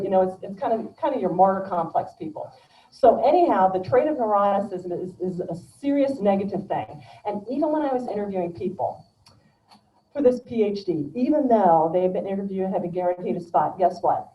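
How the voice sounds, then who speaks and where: A woman's voice: mid-range voice, brisk. A middle-aged woman gives a motivational talk at a club meeting, spinning folksy stories with humor and energy. She sounds distant, and her voice carries in a roomy space. The recording is muffled, with faint background noise. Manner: lively storytelling, folksy and humorous. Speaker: guest speaker. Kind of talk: motivational speech.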